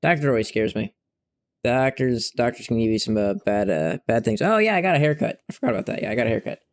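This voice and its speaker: Casting: young male streamer, gravelly mid voice, rambling and blunt, curses freely. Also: mid-range voice, big pitch swings, fast talker. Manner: rambling, frank, swears freely. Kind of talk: casual gameplay chat.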